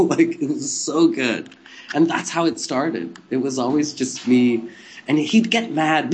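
A man's voice: mid-range voice, darkish tone. Rambling, laughing man telling stories. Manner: rambling, laughs often, swears freely. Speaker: guest, former live TV presenter. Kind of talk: casual storytelling chat.

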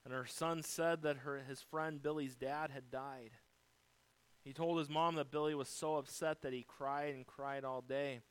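An American man preaches from the pulpit in a middle-pitched voice. He lays out numbered points and talks straight to the congregation. His volume swings from forceful peaks down to soft, low phrases. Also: steady tone, unhurried, clean tone, rough recording. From United States. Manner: dynamic preaching, rising loud then dropping soft; speaks directly to congregation, lists numbered points. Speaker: pastor. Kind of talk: sermon.

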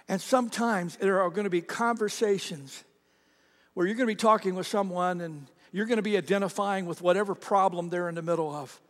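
A man's voice: high voice, fast talker, fairly bright tone, big-room sound. A male pastor preaching a sermon in a conversational way, acting out the quotes in character voices.

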